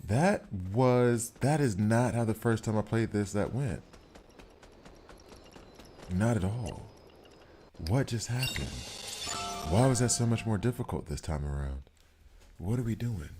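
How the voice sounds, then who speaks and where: A man giving live commentary on a game he is playing, talking to the characters on screen and reacting out loud. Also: fairly low pitch, unhurried, long pauses, over music. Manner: excitable, talks to the game characters. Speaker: gaming streamer.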